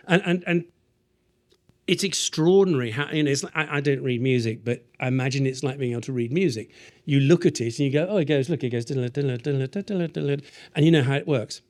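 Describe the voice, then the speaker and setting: A British man leading an interactive teaching workshop, playful and animated, asking the audience questions and tapping out verse rhythms aloud. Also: mid-range voice. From Britain. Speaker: workshop leader.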